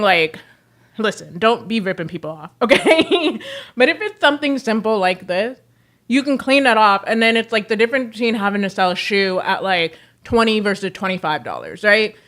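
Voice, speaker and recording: A woman's voice: medium pitch, expressive, normal speed, a bit bright. A woman livestreaming casually, chatting with viewers in a slangy, friendly way while she works, laughing often. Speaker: livestreamer selling clothes online. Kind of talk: casual chat while working.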